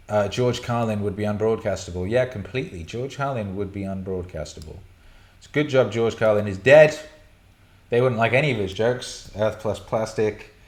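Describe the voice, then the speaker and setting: A man hosting a casual live stream, reading chat questions and rambling, swearing and laughing often. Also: lowish voice. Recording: roomy echo.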